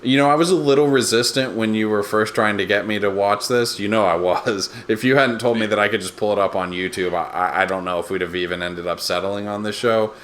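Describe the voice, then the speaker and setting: A man's voice: fairly low pitch, brisk, few pauses, a bit bright, slight background noise. A man in his thirties co-hosting a podcast, recapping a TV episode in a laid-back, rambling way. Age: 30s. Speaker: podcast co-host. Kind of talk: casual chat recapping a TV episode.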